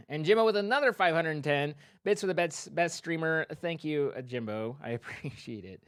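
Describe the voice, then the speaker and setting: A man's voice: fairly high pitch, very animated, moderate pace, few pauses, fairly bright tone, smooth, no room sound, clean studio sound. A man streaming live, casually thanking viewers by name and making playful joking asides. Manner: reads out donor names, playful joking asides.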